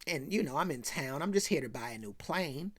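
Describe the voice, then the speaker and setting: Woman doing a smooth-talking older drifter. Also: sits low, lively intonation, brisk, pitched below the performer's own voice. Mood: boastful. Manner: overacting, ingratiating.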